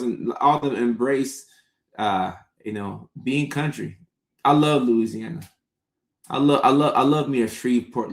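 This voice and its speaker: A man with a gravelly, creaky voice and middling pitch hosts a casual live stream, answering viewer comments in a loose, chatty way. He laughs easily and keeps the talk relaxed. The sound carries a noticeable room echo.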